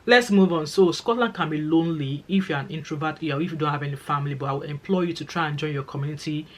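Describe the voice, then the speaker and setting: A woman with a Nigerian accent vlogs straight to camera in a deep voice and at a quick pace. She's chatty and emphatic, repeating phrases to drive her points home to viewers.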